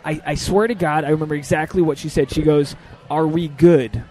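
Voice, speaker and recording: Brief: young male comic host, slightly high voice, lively profane storyteller. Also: fast talker. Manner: animated, profane, acts out quotes. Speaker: podcast host and stand-up comedian. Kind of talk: casual storytelling chat.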